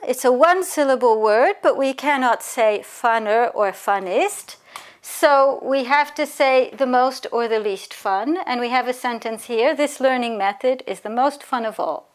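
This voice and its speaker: A language teacher with a fairly high voice leads an English grammar lesson, stating each point in French and then repeating it in English. She slows down to spell out the example words carefully.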